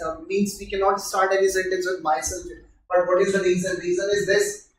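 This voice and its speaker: A man's voice: sits high, slight background noise. A man with an Indian English accent teaching a live grammar class, explaining patiently and often quizzing his students. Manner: explains patiently, keeps asking students questions. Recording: echoey room, from far off.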